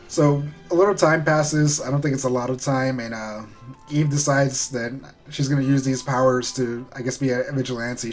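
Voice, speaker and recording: A man giving a loose, rambling recap of a show episode, full of fillers and the odd swear word. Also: mid-range voice. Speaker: show reviewer.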